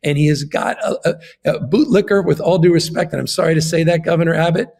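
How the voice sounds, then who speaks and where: A man's voice: a little high, fast, creaky, a little mellow. A man, a governor, giving an impassioned political interview, emphatic and fond of repeating his phrases.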